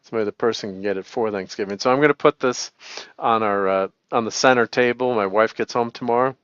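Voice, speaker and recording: A man's voice: lowish voice, fairly quick, fairly bright tone, smooth, no echo, muffled recording. A middle-aged man hosting a casual live stream from home, rambling and laughing often as he shows things off. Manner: chuckling, rambling, lots of laughter. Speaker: host.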